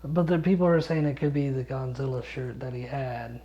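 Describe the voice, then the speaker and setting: A man's voice: medium pitch, normal speed, warm tone. A young man hosting a late-night solo gaming podcast, sleepy, rambling and swearing, losing his thread as he goes. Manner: rambling, swears a lot, chuckles often, loses his thread. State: sleepy, yawning. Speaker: podcast host and gaming YouTuber. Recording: dull lo-fi home recording.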